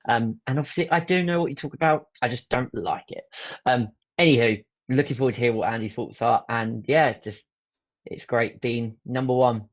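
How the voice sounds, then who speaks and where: A man's voice: medium pitch, moderate pace. A man co-hosting a casual podcast chat, giddy, exuberant and boastful. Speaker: podcast co-host. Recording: dull lo-fi mic.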